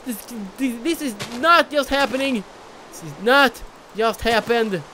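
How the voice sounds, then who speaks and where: A young adult gaming YouTuber giving excitable let's play commentary, with loud outbursts, mock bravado and casual swearing. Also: mid-range voice, a little slow, a little hiss or hum, low-quality recording.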